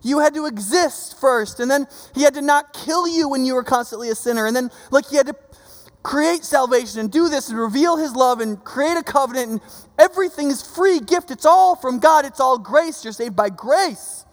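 A preacher voicing a fiery male Bible college teacher who quizzes his class with emphatic, shouted denials. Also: extremely high pitch, moderate pace, pitched above the performer's own voice. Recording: long reverb.

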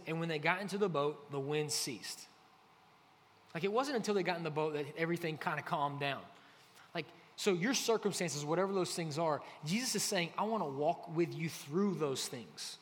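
A man preaching a relaxed, conversational sermon, often filling pauses with "like". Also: high-pitched. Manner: conversational, heavy use of "like". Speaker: pastor. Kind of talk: casual sermon. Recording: faint hall reverb, light noise.

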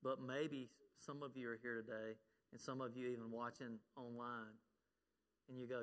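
Earnest pastor preaching in a hall. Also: male voice, medium pitch, normal speed, sharp tone. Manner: earnest, gets choked up, quotes scripture. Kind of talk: sermon. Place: church sanctuary. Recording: long reverb of a church hall.

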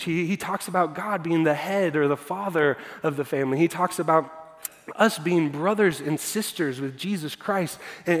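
A man preaching a sermon as pastor, conversational and self-deprecating, with frequent fillers. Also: sits high. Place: church hall. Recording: long hall reverb.

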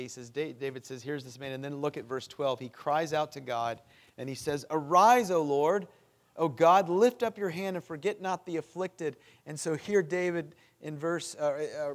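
A middle-aged man preaching a sermon as pastor, earnest and building to impassioned pleas. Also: a little high.

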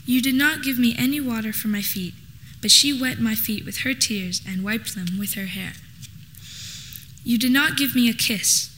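A woman reading a scripture passage aloud in church, steady and measured. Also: a little high, long reverb tail, a little hiss or hum, poor audio. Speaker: scripture reader.

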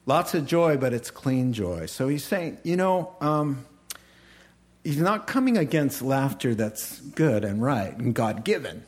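A man preaching a sermon in a conversational way, with animated asides. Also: mid-range voice, measured pace. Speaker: pastor.

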